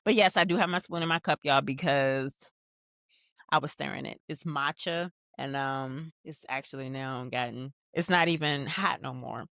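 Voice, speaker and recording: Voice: medium pitch, moderate pace, vocal fry, bright, forceful tone, no room sound, clean studio sound. A podcast host giving a casual rewatch recap of a TV episode, chatting straight to viewers and reading out scene lines between asides.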